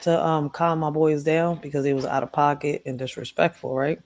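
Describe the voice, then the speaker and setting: A woman's voice: low voice, normal speed. A middle-aged woman in casual talk, telling a family story and acting out what people said with a raised voice. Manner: animated, acts out quotes in raised voice. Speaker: guest on a live talk stream. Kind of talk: casual heated chat, storytelling.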